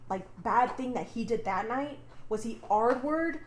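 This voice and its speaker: A woman's voice: on the high side, a little slow, a little hiss or hum. A young woman co-hosting a podcast, recapping a book in a casual, chatty way, swearing freely and saying "like" a lot. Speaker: podcast co-host. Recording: echoey room.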